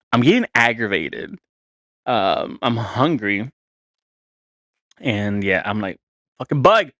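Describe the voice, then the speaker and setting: A man in his thirties hosts a podcast, his mid-range voice slightly bright and recorded with clean, echo-free studio sound. He tells a story in a casual, profane, rambling way, sounding exasperated.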